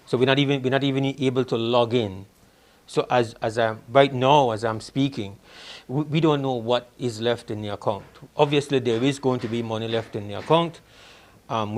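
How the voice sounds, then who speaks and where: A man speaking for a union in a press interview, hesitant and frustrated, with many restarts. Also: medium pitch. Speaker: union representative.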